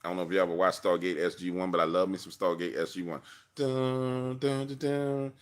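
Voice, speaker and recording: A man hosting a livestream from his car, telling a personal story in a slangy, animated way and acting out the dialogue. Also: low voice, racing. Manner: slangy, acts out dialogue, laughs often. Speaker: livestream host.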